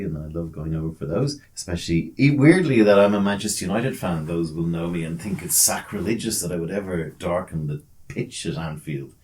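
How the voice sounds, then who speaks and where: A man chats on his podcast in a fairly low voice. He jokes constantly, teasing his co-host and calling listeners lads and mate. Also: a little mellow, a little hiss or hum. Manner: jokey, banter-heavy, says mate and lads. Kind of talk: casual chat.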